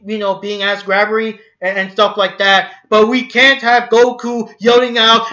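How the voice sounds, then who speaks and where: A man hosting his own livestream in a high, bright voice. He rambles with restarts and casual swearing as he rants to his viewers. The desk mic sounds slightly dull and lo-fi. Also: flat delivery, normal speed, hardly any pauses. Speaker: channel host.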